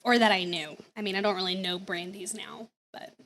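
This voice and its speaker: A woman's voice: medium pitch, steady tone, fairly quick, fairly bright tone, a little hiss or hum. A young woman from the American South with a Southern accent, telling a story casually and laughing often. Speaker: streamer reacting to videos.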